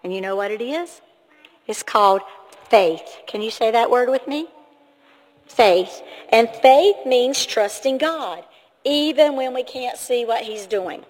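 A woman's voice: on the high side, slow. A woman giving a children's sermon in a church, asking the kids lots of questions in an encouraging way. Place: church sanctuary. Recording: long hall reverb.

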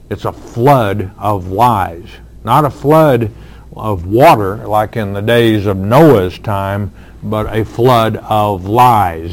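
A man's voice: lowish voice, darkish tone. A man preaching a sermon, explaining scripture in an earnest way with frequent fillers. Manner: earnest, slow, with fillers and emphatic lines. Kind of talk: expository sermon.

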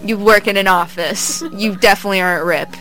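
A woman chatting casually and jokily with friends on a podcast, full of quick asides. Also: medium pitch, fairly bright tone, faint music behind, poor audio. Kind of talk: casual chat among friends.

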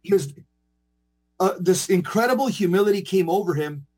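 Man, quite high voice, earnest, halting, lots of restarts, storytelling. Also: a little mellow, husky. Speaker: Catholic speaker and co-host. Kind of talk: storytelling in casual talk.

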